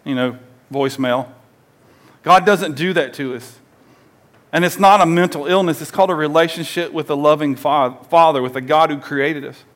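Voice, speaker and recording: A man's voice: on the high side, normal speed, fairly bright tone. A man in his forties preaching a sermon as pastor, talking conversationally and leading the congregation in call-and-response.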